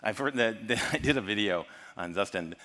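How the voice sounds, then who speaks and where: An American man giving a lively, joking tech talk at a live conference and quizzing the audience. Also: lowish voice, a little fast. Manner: lively, jokey, polls the audience. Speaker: conference speaker. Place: large conference hall. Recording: long hall reverb from a live stage.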